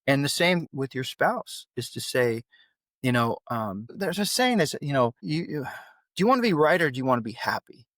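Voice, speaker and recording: A middle-aged man talks as a guest in an interview and tells long stories in an animated way. His pitch swings upward when the memory turns heated. The recording is dry and close to the mic. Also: moderate pace, no echo. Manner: animated storytelling, voice climbs when recalling anger. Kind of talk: interview conversation.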